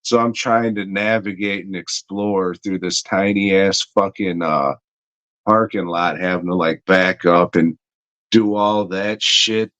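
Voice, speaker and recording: A man's voice: deep voice, fairly even intonation, measured pace, a bit bright, dry recording. A man co-hosting a podcast, telling a story in a rambling, heavily profane way with lots of fillers. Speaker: podcast co-host. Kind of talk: casual storytelling chat.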